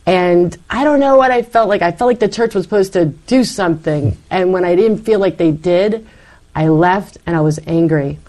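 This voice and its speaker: A middle-aged woman telling her personal faith story in conversation, animated and acting out her past self. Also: fairly low pitch, normal speed. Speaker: interview guest.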